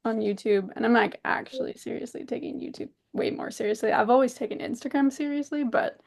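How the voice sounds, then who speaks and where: A woman co-hosting a podcast, chatting casually and telling stories with animated energy. Her voice sits a little high, with a gravelly fry in the lower notes. She laughs often and acts out the quotes in her stories. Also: brisk. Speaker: podcast co-host. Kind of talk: casual chat.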